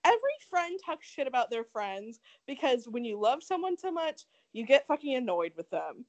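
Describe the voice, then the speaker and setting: In a rough recording, a twenty-something podcast co-host talks at a moderate pace with a high voice and big pitch swings. Her casual chat is gossipy and profane, punctuated by frequent laughter.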